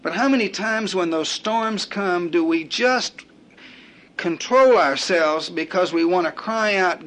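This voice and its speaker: Slow, earnest male preacher. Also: sits high, a bit bright. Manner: rhythmic, building repetition with dramatic pauses; acts out quoted prayers and complaints. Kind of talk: sermon.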